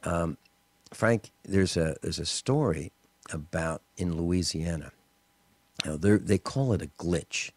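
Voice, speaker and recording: A man hosting a talk radio show, telling stories and ranting in an indignant, animated way with mocking asides. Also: low-pitched, slow, no echo.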